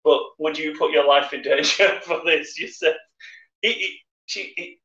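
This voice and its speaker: A man's voice: a little high, normal speed, pushed and bright. A man co-hosting a casual drinking show, rambling through sweary stories. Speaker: co-host. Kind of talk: casual boozy chat. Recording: roomy, distant, muffled stream audio.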